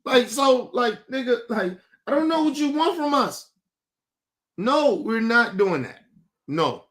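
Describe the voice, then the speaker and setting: A man's voice: very high-pitched, sing-song, slow, a bit bright. A man hosting a live stream, ranting bluntly and profanely in casual commentary. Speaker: streamer host.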